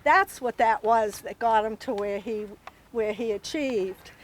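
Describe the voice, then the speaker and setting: A woman giving gentle, thankful remarks at an outdoor dedication ceremony. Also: fairly high pitch, unhurried, a little hiss or hum. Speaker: family member giving remarks. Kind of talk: prepared speech.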